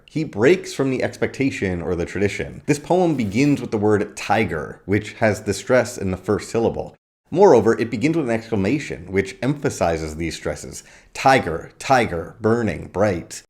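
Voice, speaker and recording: A man giving a scripted video lecture on poetry, measured and explanatory, reading verse lines slowly. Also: fairly low pitch, a little mellow. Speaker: literature lecturer.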